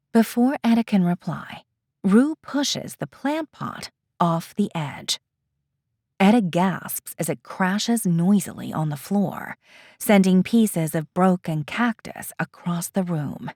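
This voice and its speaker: Woman audiobook narrator, slow and expressive, dry studio read. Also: on the low side, no echo. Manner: measured, expressive storytelling.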